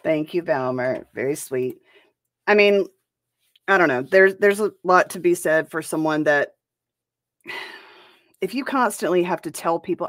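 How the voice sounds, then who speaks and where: A woman's voice: on the low side, unhurried, pauses often, no room sound, clean studio sound. A woman hosting a reaction commentary show, talking in a blunt and profane way. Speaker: host.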